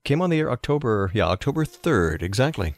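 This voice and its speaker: A man's voice: medium pitch, sing-song, no room sound. A man from Massachusetts hosting a radio show, chatting casually and telling stories with an easy laugh. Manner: chatty, storytelling, quick to laugh. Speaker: radio host. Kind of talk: casual on-air chat.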